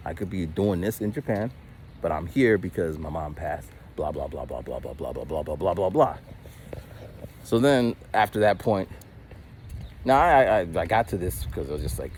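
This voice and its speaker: Animated, rambling man in his forties. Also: low voice, moderate pace, slight background noise. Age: 40s. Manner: animated, rambling, with frequent stammered restarts. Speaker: vlogger. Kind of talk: casual storytelling while walking. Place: outdoors, walking.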